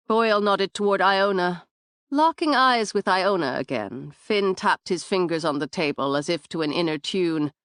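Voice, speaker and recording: A woman narrating an audiobook in an even, measured storytelling manner. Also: on the low side, smooth, dry recording, clean studio sound. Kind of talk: scripted narration.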